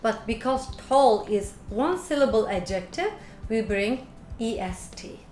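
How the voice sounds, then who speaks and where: A woman English teacher explaining quiz answers in slow, careful steps. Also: a little high, animated, a little mellow. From Turkey. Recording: echoey room with faint noise.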